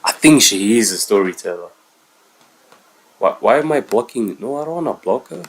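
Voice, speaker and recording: A man's voice: fairly low pitch, lively intonation, moderate pace, low-quality recording. A man streaming live reactions to video clips, exclaiming a lot and repeating himself. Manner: exclaims a lot, repeats words, calls everyone bro. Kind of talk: casual live reaction commentary.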